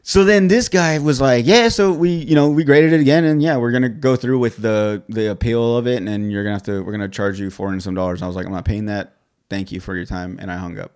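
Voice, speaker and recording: A man's voice: mid-range voice, steady tone, quick pace, a little mellow, clean tone. A man co-hosting a podcast, telling a frustrating story in casual chat, swearing a lot and quoting both sides of the conversation. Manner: profane, exasperated storytelling with quoted dialogue. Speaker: podcast co-host.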